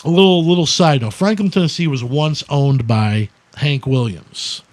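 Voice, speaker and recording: A man from Detroit, a guest on a podcast, telling a wild story in a casual, profane, animated way. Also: fairly high pitch, moderate pace. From Detroit, USA. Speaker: guest, music producer.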